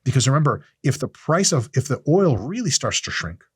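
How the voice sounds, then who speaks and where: A man's voice: medium pitch, a little fast, breathy edge, no echo, studio quality. A man hosting a podcast, talking casually in a blunt, profane, opinionated way. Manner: animated, acts out quoted voices. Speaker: podcast host. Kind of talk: casual monologue.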